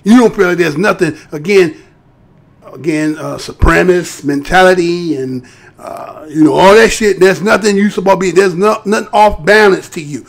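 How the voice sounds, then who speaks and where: A man's voice: high-pitched, animated, normal speed, vocal fry. A man hosting a live stream, giving heated, profane commentary and mocking voices. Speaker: live show host.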